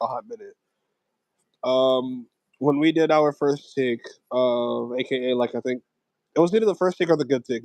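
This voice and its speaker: A man's voice: medium pitch, a little mellow, dry recording, rough recording. A young man hosting a casual livestream, rambling with lots of fillers and slang. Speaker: livestream host. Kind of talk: casual chat.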